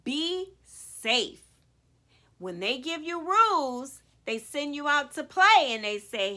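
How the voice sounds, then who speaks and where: A woman author reading a story aloud to children, animated and speaking directly to young listeners. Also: high voice, takes it slowly.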